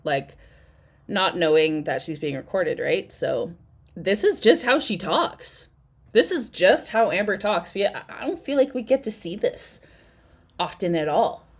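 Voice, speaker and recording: Chatty rambling woman host, lowish voice. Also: big pitch swings, measured pace, husky. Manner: rambling, chatty, swears casually. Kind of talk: casual live chat reacting to clips.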